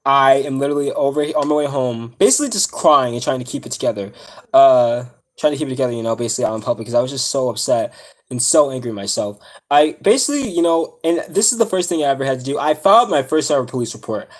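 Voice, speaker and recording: Close to tears, a young adult man speaking quickly at a medium pitch shares a personal story on a live stream. His account wanders, with lots of fillers and false starts.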